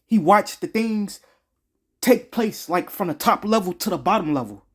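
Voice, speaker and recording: A man's voice: high voice, animated, normal speed, a bit bright, husky. A man giving a casual game review, slangy and profane, rambling with frequent restarts.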